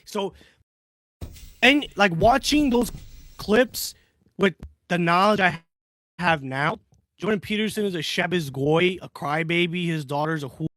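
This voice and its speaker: A man's voice: high voice, expressive, unhurried, pauses often, a bit bright, no room sound, clean studio sound. A man co-hosting a casual podcast chat, rambling with lots of filler words. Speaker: podcast co-host.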